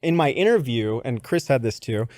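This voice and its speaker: A man's voice: mid-range voice, moderate pace, dry recording, studio quality. A man telling a long anecdote on a podcast, acting out the people he quotes. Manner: animated storyteller, acts out quotes. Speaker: podcast guest.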